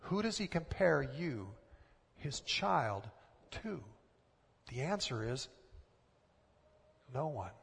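Male pastor, sermon, earnest and coaxing, emphatic swells, slightly high voice, long hall reverb. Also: sing-song, slow, creaky, pauses often, fairly bright tone, breathy edge.

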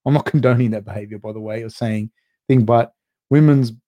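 A man's voice: medium pitch, brisk, dark tone. A middle-aged man hosting a live fight recap show, reading viewer comments aloud and answering them in a loose, profane, rambling way with lots of fillers.

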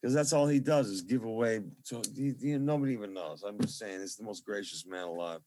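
A man's voice: lowish voice, brisk, dark tone, a little hiss or hum. A middle-aged man, a musician guest, talking over a video call in a rambling, effusive and reverent way. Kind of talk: casual interview chat.

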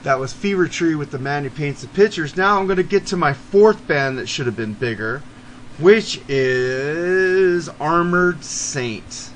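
Male podcast host, casual chat, excitable and profane, slightly high voice. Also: fairly quick, few pauses, slight background noise.

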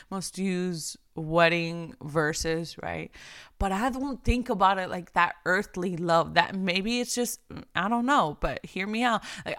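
A woman's voice: fairly low pitch, a bit bright, clean tone, dry recording, studio quality. A woman giving a conversational devotional talk, earnest and repeating phrases for emphasis. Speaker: devotional speaker.

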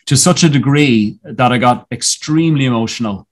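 A man as a podcast guest telling a personal story in a reflective, earnest way, often halting and restarting his sentences. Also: medium pitch.

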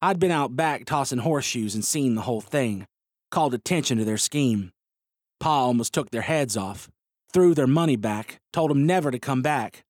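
A man narrating a first-person western story in a steady, expressive reading voice. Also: mid-range voice, normal speed, dry recording, studio quality.

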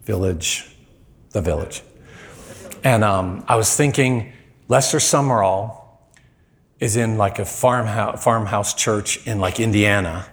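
Male preacher, church sermon, animated storyteller who leaps high for quoted lines. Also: creaky. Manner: animated storyteller, voice jumps high when quoting people.

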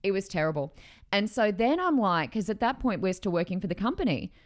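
A middle-aged woman telling a story in a casual chat, animated, with many fillers and restarts. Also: medium pitch, brisk.

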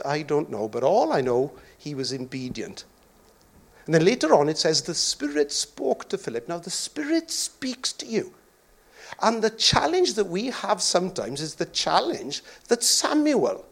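A man preaching a sermon as pastor, joking and acting out voices along the way. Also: fairly high pitch. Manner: jokey, animated, acts out voices.

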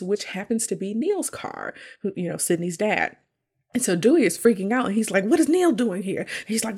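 A woman casually recapping a horror movie plot, chatty and often laughing. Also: mid-range voice. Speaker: podcast host.

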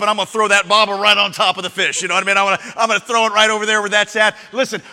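A male preacher with a remarkably high, bright, cutting voice delivers a sermon in a church. He jumps between ringing shouts and low, hushed near-whispers. A long reverb trails each phrase through the big room. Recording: long reverb in a large hall.

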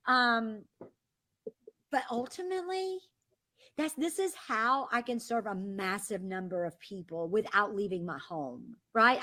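A woman leads a sales training over a call, talking with bounce and energy. Her voice sits slightly high. She keeps acting out the messages she quotes in quick little voices. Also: a bit bright. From American South. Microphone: phone or call line.

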